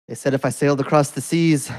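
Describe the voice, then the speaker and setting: A proud foreign warrior sneers at his hosts with slow, scornful taunts, as a man puts him on. The voice is mid-pitched and sounds dry and close. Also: steady tone, no room sound, close to an everyday voice. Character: arrogant foreign male warrior, contemptuous.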